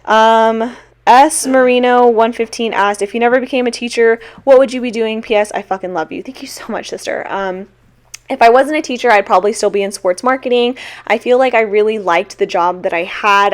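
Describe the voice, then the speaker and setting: A young woman answers viewer questions in a loose, chatty way. She pokes fun at herself and laughs often. Her voice sits in a middle pitch, and she talks into her own mic. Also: normal speed. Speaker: teacher and small-shop vlogger. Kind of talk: casual Q&A chat.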